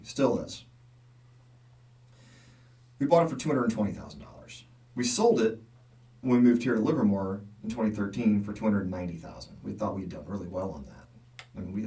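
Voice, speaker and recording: Low-voiced man telling a lively story. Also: recorded from a distance. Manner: animated storyteller, laughs often, acts out quotes. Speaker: podcast co-host. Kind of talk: casual chat.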